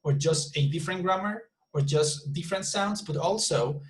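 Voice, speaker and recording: A man's voice: a little high, normal speed, low-quality recording. A man with a slightly raised voice teaches an online English class over a video call. He explains patiently, repeats words often and keeps checking that students follow. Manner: repeats words often, says "you see" and "super" a lot.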